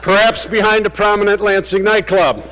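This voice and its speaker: A man's voice: sits high, fairly even intonation, normal speed, background noise. A man giving a farewell speech to fellow legislators, telling anecdotes with dry humor. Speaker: state legislator. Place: large legislative chamber. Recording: long reverb of a big chamber.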